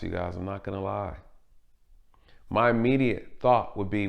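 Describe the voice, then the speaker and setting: A man's voice: lowish voice, normal speed, vocal fry. A man hosting a commentary review, earnest and asking rhetorical questions. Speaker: commentary host. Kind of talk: courtroom video commentary.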